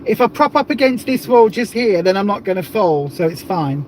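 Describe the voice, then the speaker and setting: A man's voice: high voice, lively intonation, moderate pace, darkish tone, slight background noise. A man from the south of England hosting a casual livestream, chatty and rambling with plenty of jokes. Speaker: livestream host.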